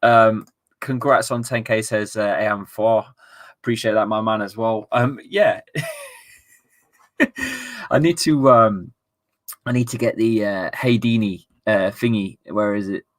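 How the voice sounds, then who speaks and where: Chatty bloke, lowish voice. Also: male voice, measured pace, pauses often. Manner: chatty, reads viewer messages aloud, laughs often. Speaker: football streamer. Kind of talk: casual live-stream chat.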